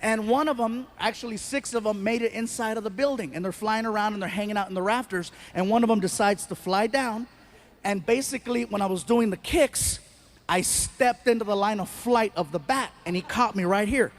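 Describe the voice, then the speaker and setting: Stand-up comedian, male, animated storyteller, faint hiss behind. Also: high voice, brisk. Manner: animated storytelling, many put-on voices. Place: live stage before a large laughing crowd.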